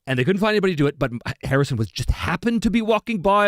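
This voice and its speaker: Lively higher-voiced man telling a story. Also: very fast, dry recording, clean studio sound. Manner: lively storyteller who laughs easily. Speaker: voice actor and streamer host. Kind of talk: casual livestream chat.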